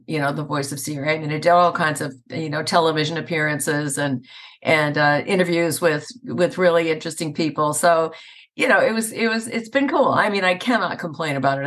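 A woman's voice: deep voice, fairly bright tone. A middle-aged woman voice actor chatting in an interview, telling stories and laughing often. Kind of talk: casual interview conversation. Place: Atlanta area.

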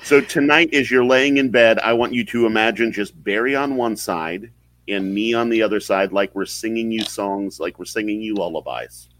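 A man with a lowish voice hosts a relaxed live podcast chat. He talks haltingly, full of fillers and restarts, into a close, dry mic. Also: no echo, low-quality recording. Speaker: podcast host. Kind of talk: casual live-stream chat.

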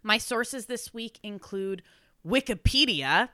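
Bright-voiced, wry young woman. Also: medium pitch, lively intonation, slow, no echo, studio quality. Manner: wry, joking asides. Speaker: podcast co-host. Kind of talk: casual chat and topic introduction.

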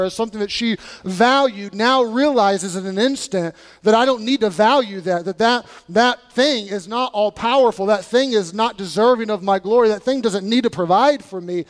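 A man preaching from the pulpit in a notably high voice, talking to the congregation in a direct, conversational way. He drives his points home with blunt, emphatic warnings. His voice rings out with a long reverb, as in a large church sanctuary. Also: clean tone. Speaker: pastor. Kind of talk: sermon.

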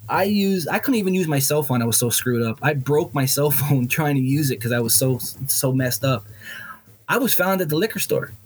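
A middle-aged man telling a candid personal story as an interview guest, blunt and profane, with animated, restless storytelling. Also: medium pitch, a little hiss or hum.

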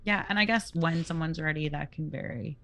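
A woman's voice: deep voice, a little fast, a bit bright. A woman co-hosting a casual podcast, mostly chiming in with short replies and quips. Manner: brief agreeing replies and quips. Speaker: podcast co-host.

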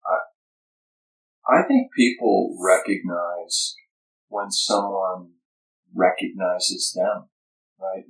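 Earnest low-voiced pastor, echoey and distant. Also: male voice. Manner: earnest, halting, many restarts. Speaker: pastor and podcast guest. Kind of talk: reflective conversation. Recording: echoey room, distant from the mic.

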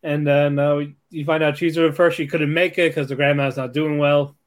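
A man's voice: fairly high pitch, level tone, moderate pace. A man co-hosting a podcast, casually recapping episodes in a rambling way, swearing and laughing as he acts out characters' lines. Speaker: podcast co-host.

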